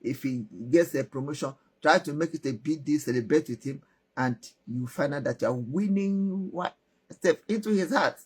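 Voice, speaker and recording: A woman with a Nigerian accent telling stories and giving relationship advice, animated and asking the listener questions. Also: low-pitched, normal speed, breathy edge. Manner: animated, repeats words, asks the listener questions. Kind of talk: storytelling advice talk.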